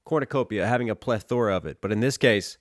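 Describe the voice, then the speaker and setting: A man's voice: lowish voice, quick pace, no room sound, clean studio sound. A man, a rapper, breaking down a song in reaction commentary, analytical and often checking in with "right?". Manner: analytical, keeps asking "right?".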